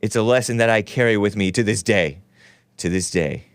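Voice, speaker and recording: A man's voice: on the low side, brisk, clean tone, no room sound. A man hosting a casual call-in talk show, rambling and sarcastic, reading news aloud with his own running commentary and stumbling over names.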